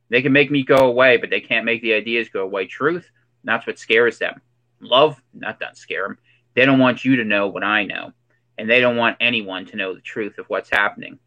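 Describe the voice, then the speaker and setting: A man's voice: medium pitch, bright, forceful tone, lo-fi sound. A man playing a preachy conspiracy theorist character in a comedic monologue, full of ominous rhetorical questions and an affected accent. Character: preachy male conspiracy theorist in hoodie and sunglasses.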